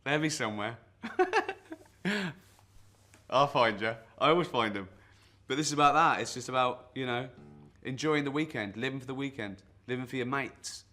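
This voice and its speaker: Lightly acted, with a sharp tone and a mid-range voice at normal pace, a performer plays a self-deluded sales rep in his 40s who fancies himself a guitar teacher. The comic mock lesson has him rambling with awkward boasts, many ums and nervous chuckles.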